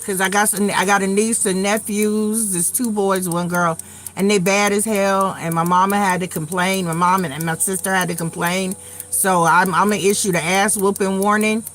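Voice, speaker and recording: Hosting a live tarot stream, a middle-aged woman from New York keeps things casual, speaking at a moderate pace in a steady, mid-range, fairly bright voice. She tells stories bluntly, with some profanity and a habit of repeating herself.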